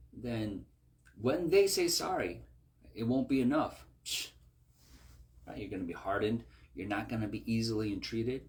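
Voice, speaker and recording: A man preaching a conversational sermon, often asking "right?" as he talks. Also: medium pitch.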